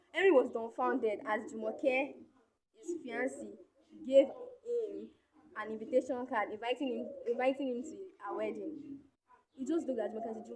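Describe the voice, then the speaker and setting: A young woman tells a story in a casual, rambling way. Her voice sits a little high, and she keeps restarting and reporting speech with "was like". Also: moderate pace, a crowd in the background, rough recording.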